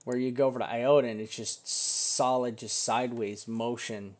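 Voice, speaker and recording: During casual live chart analysis, a man talks through crypto prices, wandering and restarting sentences with casual swearing. His medium-pitched voice stays steady at a normal speed.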